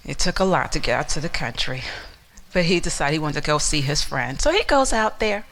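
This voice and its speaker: A woman's voice: sits low, expressive, brisk, fairly bright tone, slight background noise. A woman giving a motivational talk, telling a story dramatically and asking the listener questions. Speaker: motivational speaker.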